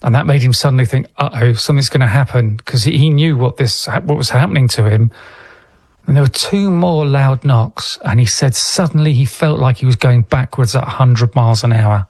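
A man giving calm, earnest explanations as an interview guest, often restarting his sentences mid-thought. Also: medium pitch, moderate pace, dry recording.

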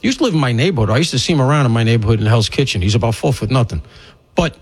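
A man's voice: very fast, slightly rough. A middle-aged man hosting a talk radio show, delivering an opinionated monologue in a conversational way that wanders off on tangents as he thinks aloud. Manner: animated and conversational, swinging pitch widely for emphasis. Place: broadcast studio.

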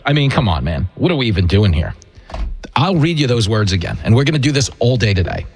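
A man's voice: medium pitch, big pitch swings, fast, husky. A male talk radio host bantering with a caller in a mocking, joking manner.

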